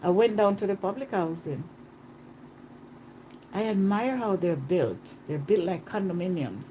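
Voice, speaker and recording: A woman chatting casually in a travel vlog, animated and repeating herself for emphasis, recorded on a phone outdoors. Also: lowish voice, a little slow, slight background noise. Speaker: travel vlogger. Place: outdoors on a Caribbean island.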